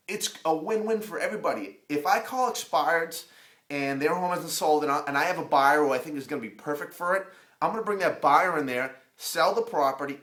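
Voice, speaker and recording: A man's voice: on the high side, a bit bright. Middle-aged boston guy, realtor, rambling and joking on a live vid, echoey room. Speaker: real estate agent. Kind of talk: live casual video talk. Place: room across the hall from his office.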